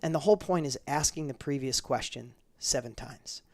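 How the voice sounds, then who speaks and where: A middle-aged man tells a personal story in an interview, speaking fast and emphatically in a mid-range voice and acting out the dialogue he quotes.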